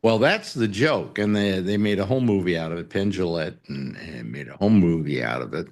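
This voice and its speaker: A man with a fairly low voice that swings up and down a lot as he tells jokes on a talk show. He rambles from one story to the next and now and then slips into acted voices. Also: animated, brisk. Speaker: radio talk show host. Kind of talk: casual joke-telling chat.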